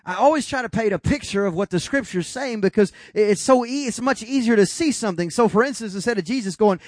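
A high-pitched male pastor preaching with emphatic, rising delivery. The sound is dry and close, with no room echo. He retells scripture with dramatic voice changes. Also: fast, few pauses. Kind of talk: sermon.

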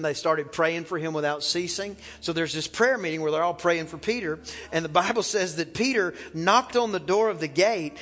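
A man preaches with fervor in a high, ringing voice, pushing toward shouts and calling for the crowd to repeat after him. His words hang in a long church reverb, and soft music plays underneath. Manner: fervent preaching, rising to shouts, calls for congregation responses. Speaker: pastor. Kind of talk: sermon. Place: church sanctuary.

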